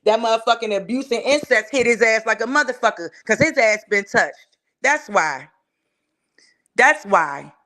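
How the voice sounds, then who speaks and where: A fiery woman with a D.C. tears into someone on her live stream. Her voice sits a bit high and flies higher when she yells. The talk is profane and cutting, with sudden shouts. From Washington, D.C. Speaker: channel host ranting on a live stream. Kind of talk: heated live-stream rant.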